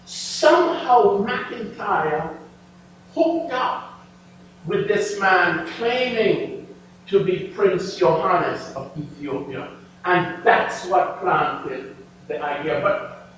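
A man giving an animated, emphatic history lecture with slides, speaking to an audience in a lecture hall. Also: high-pitched, drawn-out words. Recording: echoey, distant, dull lo-fi room recording with faint hum.

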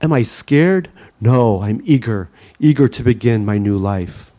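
A man's voice: mid-range voice, expressive, a little slow, warm tone. Wry male memoir reader. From Soviet Union. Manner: wry, self-mocking delivery. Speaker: storyteller. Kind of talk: reading a memoir aloud to a live audience.

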